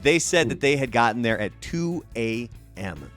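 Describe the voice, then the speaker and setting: A man's voice: mid-range voice, normal speed, soft background music. A man hosting a casual podcast, telling a story with lots of swearing and acted-out quotes. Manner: animated, profane, acts out quotes. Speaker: podcast host.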